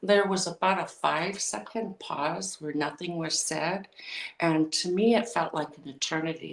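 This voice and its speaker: A woman with a fairly low voice tells a painful personal story on a podcast, quoting the dialogue as she goes. She sits a little back from the mic, and the room around her sounds hollow and echoey. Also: gravelly, fairly bright tone, far from the mic. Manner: emotional, recounting with quoted dialogue. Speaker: podcast guest.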